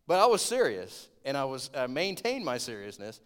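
A man, preaching a sermon as a lively storyteller who gets loud when retelling scenes. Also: on the high side, fast, few pauses, smooth. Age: 20s. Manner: storytelling, animated, rising to shouts in retold scenes. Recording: long hall reverb.

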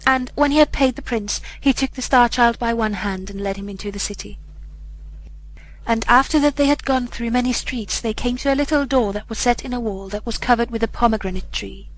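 A woman's voice: a little high, a little fast, rough recording. Woman reading a fairy tale aloud. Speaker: narrator.

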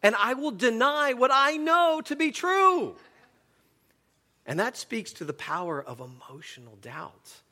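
A middle-aged man preaching a sermon, telling stories with animated swings between loud and hushed delivery. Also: fairly high pitch. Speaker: pastor.

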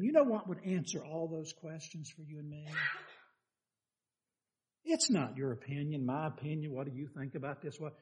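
Older male preacher, folksy sermon delivery, animated and questioning, a touch higher-pitched than most men. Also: moderate pace.

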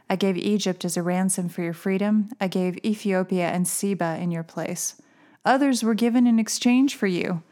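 A woman speaks clearly and evenly in a mid-range voice. She reads scripture at a steady, measured pace, and her remarks in between are dry and wry. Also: mid-range voice. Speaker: podcast host. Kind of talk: casual chat and scripture reading.

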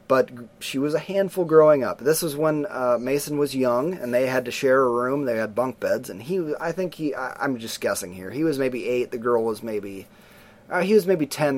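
A middle-aged man chatting casually as a podcast co-host, telling a film's scenes with lots of acted-out voices. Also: mid-range voice. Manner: animated storyteller, acts out scenes in voices. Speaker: podcast co-host reviewing a film. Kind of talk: casual chat.

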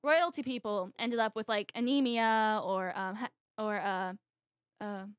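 A woman's voice: medium pitch, a little slow, dry recording, clean studio sound. A young woman co-hosting a casual podcast, hesitant and often reaching for words. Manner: hesitant, searches for words, lots of fillers. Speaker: podcast co-host. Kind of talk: casual chat.

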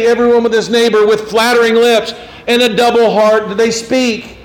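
A man preaching a sermon as pastor, reading scripture in old wording and mimicking flatterers in soft asides. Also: extremely high pitch, moderate pace, poor audio. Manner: reads scripture in King James wording.

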